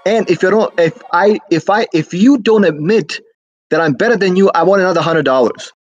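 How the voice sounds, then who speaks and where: A man's voice: high voice, fairly quick, no room sound, dull audio. A man on a stream call, arguing defensively, talking over the host and restarting his sentences. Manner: defensive, talks over others, restarts often. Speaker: caller on a stream. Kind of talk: heated argument on a call.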